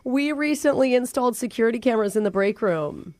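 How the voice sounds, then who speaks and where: A woman's voice: on the high side, expressive, quick pace, a little mellow, no echo, studio quality. A woman playing a prim corporate HR rep with sweetly condescending politeness in a prank phone call. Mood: smug, patronizing. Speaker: radio show host.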